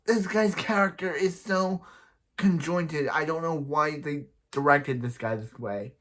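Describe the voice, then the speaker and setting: Young guy reviewer, fairly high voice, rambling, quick paraphrased quotes. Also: a bit bright. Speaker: movie reviewer. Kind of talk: casual movie review.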